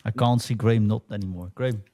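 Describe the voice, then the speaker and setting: A man's voice: fairly low pitch, quick pace. A man whose first language is not English, a quiz contestant chatting and telling stories, laughing easily. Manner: animated storyteller, laughs easily. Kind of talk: casual chat.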